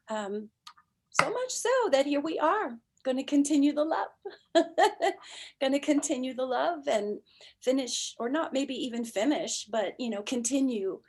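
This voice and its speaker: A woman with a somewhat high voice hosts a spiritual chat show, taking her time over every phrase. She speaks softly and from the heart, sometimes sinking into a near-whisper. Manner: soft, slow, heartfelt, drifting into near-whispers. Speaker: podcast host and ayahuasca facilitator.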